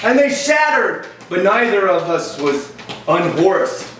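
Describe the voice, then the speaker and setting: A man dressed as a knight tells children at a party a hammy, jokey adventure story, playing up the drama. His voice is high-pitched, very animated and slow-paced. He's far from the camera in a very echoey room, with faint noise.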